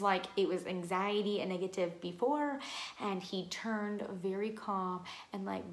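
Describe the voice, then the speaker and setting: A woman telling her own spooky story to camera in a casual, rambling way, full of "like" and "um". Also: medium pitch. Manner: rambling, heavy use of "like" and "um". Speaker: vlogger telling her own paranormal stories. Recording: echoey room.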